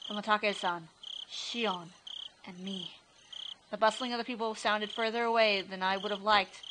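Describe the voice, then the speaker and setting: A woman with a mid-range voice reads a horror visual novel aloud, narrating in an expressive yet steady way. There is background noise in the recording.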